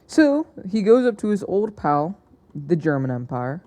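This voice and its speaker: Mellow young man, casual hesitant narration. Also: high-pitched, sing-song, unhurried. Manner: hesitant, self-correcting, chatty. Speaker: narrator of an alternate-history map video.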